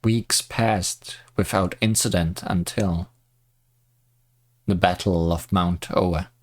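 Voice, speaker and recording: A man's voice: sits low, steady tone, slow pace. A man narrating a game story in a solemn, scripted reading. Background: faint background music.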